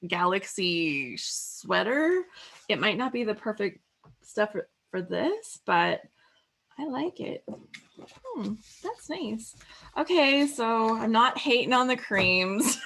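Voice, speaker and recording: A woman in her thirties or forties hosts a casual scrapbooking stream. Her voice sits slightly high with a gravelly fry. She is chatty and bubbly, full of fillers and quick laughs. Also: a bit bright. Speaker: scrapbooking livestream host. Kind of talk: casual craft livestream chat.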